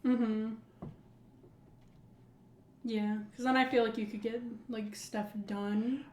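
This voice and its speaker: Podcast co-host, woman, higher voice, chatty and rambling with lots of "like", echoey room. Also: fairly even intonation, slow, darkish tone. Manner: rambling, heavy use of "like". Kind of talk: casual chat.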